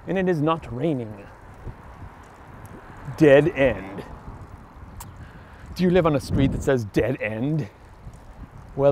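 A man riding a bicycle around town and talking to himself, arguing back and forth in two voices and drifting in and out of a half-British accent. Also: medium pitch. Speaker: vlogger. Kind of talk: rambling talk to himself while cycling. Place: outdoors on quiet town streets, riding a bicycle. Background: faint street and traffic noise.

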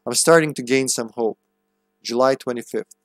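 A man's voice: mid-range voice, moderate pace, dry recording, studio quality. A man streaming a horror game, musing aloud, reading notes and chuckling as he plays. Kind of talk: casual gameplay commentary.

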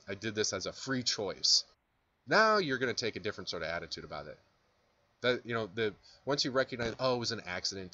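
A man's voice: on the low side, pushed and bright, dull audio. A young man, a philosophy lecturer, giving a casual recorded lecture, chatty and self-deprecating, acting out examples as he goes.

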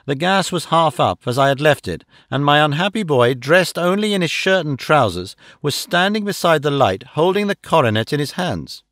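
A man narrating a classic detective story as an audiobook, reading in a measured, dramatic first-person way into a close microphone. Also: fairly high pitch, big pitch swings, fairly bright tone, no echo. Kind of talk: scripted narration.

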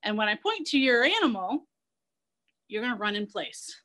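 A woman zoo educator leading an online class for children, playful and energetic, telling a myth and getting the kids to run and chant along. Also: fairly high pitch, normal speed.

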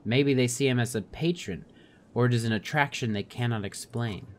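A calm, wise mystic woman from a fantasy game, read out by a man. She speaks slowly and solemnly at a middling pitch, with faint noise behind her. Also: lightly acted. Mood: measured.

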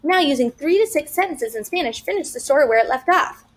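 A woman's voice: high voice, expressive, fast, a little hiss or hum. A woman Spanish teacher talking other teachers through an online lesson, bubbly and playful, mixing in Spanish phrases. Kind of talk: teacher vlog walkthrough.

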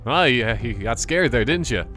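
A man's voice: mid-range voice, animated, normal speed. Guy rambling jokey over his gameplay, voice jumps all over, faint music behind. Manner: joking, rambling, exclaims often. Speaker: gaming channel host. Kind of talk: casual gameplay commentary.

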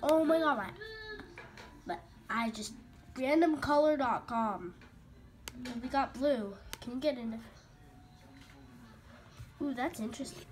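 High-voiced, unhurried woman vlogger. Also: background noise. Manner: excitable, gasping and exclaiming at what she sees. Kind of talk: casual screen-recording commentary. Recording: music clearly audible behind voice.

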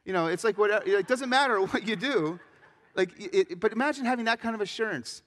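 Young pastor preaching in an echoing hall. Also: male voice, high voice, fairly quick. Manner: animated storytelling, acts out quoted voices. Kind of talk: sermon. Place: church sanctuary.

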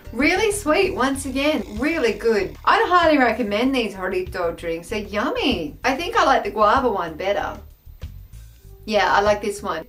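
Chatty Australian woman, higher voice. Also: fairly bright tone. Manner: chatty, self-mocking, exclamatory. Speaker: food taste-test vlogger. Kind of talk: casual vlog taste test.

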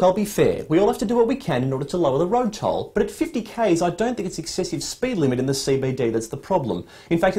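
A man's voice: a little high, a little mellow. A young Australian man delivering a sarcastic, exasperated comedy rant as presenter.

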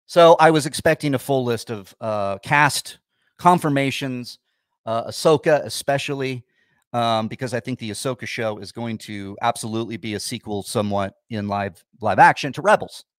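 A man's voice: medium pitch, moderate pace, dry recording, clean studio sound. A man hosting a casual livestream, chatting with viewers in a sarcastic, grumpy way. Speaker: livestream host.

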